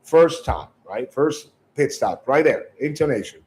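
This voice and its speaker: The voice is a man's, mid-range and animated, a little slow and a little mellow, captured on a rough recording. He's a sales trainer coaching callers through sales calls with direct advice, often stumbling over repeated words and asking "right?".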